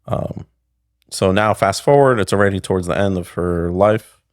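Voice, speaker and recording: This podcast guest, a middle-aged pickle maker, speaks at normal speed in a low-sitting voice. His casual storytelling wanders, with many restarts, captured close on a studio mic without echo.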